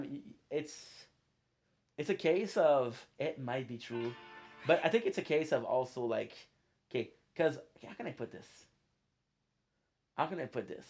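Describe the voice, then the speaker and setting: A man's voice: on the high side, darkish tone. A man streaming a game, chatting casually in a playful, rambling way. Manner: playful, rambling, laughs often. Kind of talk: casual chat while gaming.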